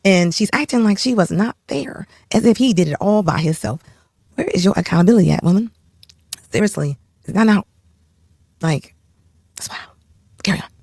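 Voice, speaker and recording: A woman's voice: mid-range voice, expressive, moderate pace, gravelly, pauses often, darkish tone, breathy edge, no room sound, clean studio sound. A woman hosting a reaction video, cutting in with sarcastic, scolding asides. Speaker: reaction channel host. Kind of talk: reaction commentary.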